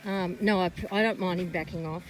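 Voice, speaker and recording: A woman's voice: fairly low pitch, steady tone, fairly quick, low-quality recording. A woman, a horse owner, chatting casually outdoors and talking to her horses. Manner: chatty, coos and scolds the horses. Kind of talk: casual chat to camera and to horses. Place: windy rural paddock outdoors. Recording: loud wind noise outdoors.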